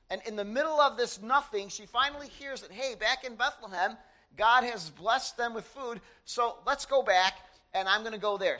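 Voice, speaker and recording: Animated high-voiced male preacher. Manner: conversational and animated, with asides to the congregation. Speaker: pastor. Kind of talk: sermon.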